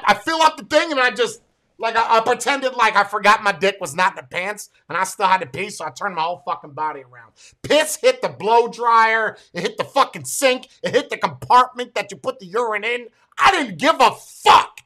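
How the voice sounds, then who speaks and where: A man ranting through a casual, profane story, excitable and full of stumbling restarts. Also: sits high, brisk. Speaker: military veteran telling a story.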